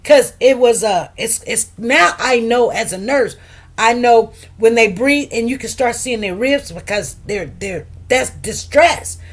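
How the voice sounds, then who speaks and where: A woman with a high voice hosts a casual talk show. She talks in an emphatic, animated way and acts out the people she quotes. She sounds middle-aged. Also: measured pace. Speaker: show host. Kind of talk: casual chat storytelling.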